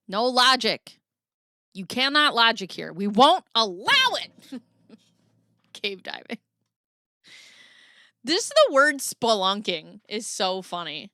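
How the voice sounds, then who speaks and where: A woman's voice: medium pitch, sing-song, takes it slowly, pauses often, bright, forceful tone, no room sound, studio quality. A woman hosting a casual commentary show, reading documents aloud and adding sarcastic remarks. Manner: sarcastic, reads texts aloud with wry asides. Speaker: commentary channel host.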